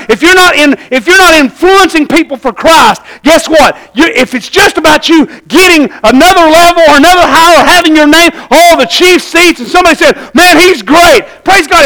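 A middle-aged man preaching a sermon, telling lively stories and calling out "Amen?" to the congregation. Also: very high voice, low-quality recording. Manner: animated storytelling, calls out "Amen?" to the congregation. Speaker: pastor.

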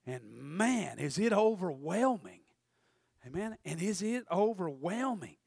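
A male pastor preaching a sermon, telling a story and swinging between loud and hushed. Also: sits high, big pitch swings, a little slow, creaky, breathy edge, no room sound, studio quality.

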